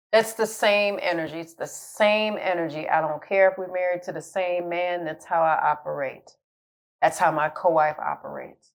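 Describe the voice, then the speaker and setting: A middle-aged woman talks straight to her viewers as a relationship coach. Her voice sits a little low, and she speaks frankly and casually, chuckling at her own remarks now and then. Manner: candid, conversational, laughs at her own jokes. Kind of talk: casual advice talk to camera.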